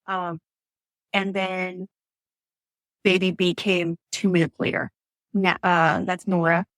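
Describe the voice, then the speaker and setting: A woman's voice: lowish voice, flat delivery, slow pace, fairly bright tone, no echo, poor audio. Chatty woman telling her story, dry sound. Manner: laughs often, acts out others' words; chatty, lots of fillers. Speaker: podcast guest telling her birth story. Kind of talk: casual storytelling.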